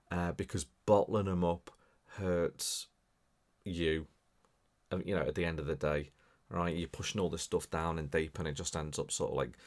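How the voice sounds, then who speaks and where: An English man hosting a podcast, signing off in a chatty, animated way with lots of fillers. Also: low voice. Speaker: podcast host. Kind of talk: casual podcast sign-off chat.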